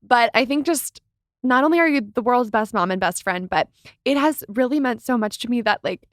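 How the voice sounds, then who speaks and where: A woman's voice: a little high, moderate pace, dry recording, studio quality. A woman in her twenties hosting a podcast, chatting casually, laughing often and acting out what others said. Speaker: podcast host. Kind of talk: casual interview chat.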